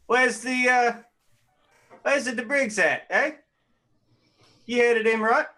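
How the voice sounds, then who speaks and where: A man voicing a scruffy peasant in a deliberately poor English accent. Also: a little high, monotone, pitched above the performer's own voice. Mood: sly.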